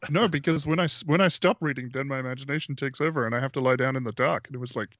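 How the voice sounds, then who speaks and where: A man's voice: mid-range voice, rapid-fire, a bit bright, dry recording. A man with an Australian accent chatting casually and telling stories in a reflective way. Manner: reflective, storytelling. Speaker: player and co-host. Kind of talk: casual chat. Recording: dry, dull lo-fi audio.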